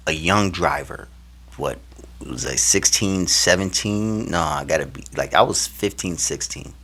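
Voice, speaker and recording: A young man with a very low, deep voice tells a personal story to camera. He talks casually and slangily, and his delivery turns animated and then hushed. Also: unhurried. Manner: animated, slangy, swings between loud and hushed. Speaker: vlogger.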